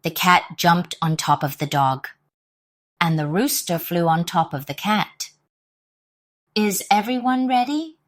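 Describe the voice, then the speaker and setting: British woman, storybook reader, slow, low-pitched, deliberate. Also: fairly bright tone, dry recording, clean studio sound. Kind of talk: storybook read-aloud.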